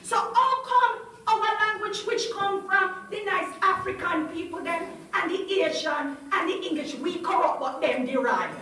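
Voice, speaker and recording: High-voiced Jamaican woman in an echoey hall. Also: moderate pace, few pauses. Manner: animated, singsong, calls to the audience. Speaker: storyteller. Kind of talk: lively storytelling performance. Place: large echoey hall with audience. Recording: echoey hall, heard from far off.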